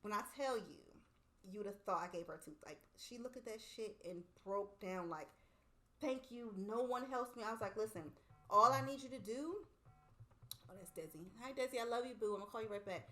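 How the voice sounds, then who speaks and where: Faint music plays behind this woman, whose medium-pitched voice moves a little fast. As co-host of a casual podcast, she tells a story with plenty of swearing and dramatized quotes, animated throughout.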